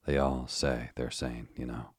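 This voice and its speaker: Casting: man voicing a blunt, callous asylum keeper; very deep, husky. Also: little pitch movement, unhurried, no room sound, studio quality, exaggerated voice. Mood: offhand. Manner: blunt, offhand and casual. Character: cheerful burly male asylum keeper, callous. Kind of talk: sleep story reading.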